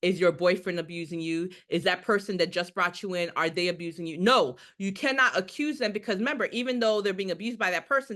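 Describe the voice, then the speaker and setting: A woman's voice: lowish voice, a bit bright. A woman who is a nursing instructor leading a live quiz review, emphatic and repeating her key points with rhetorical questions.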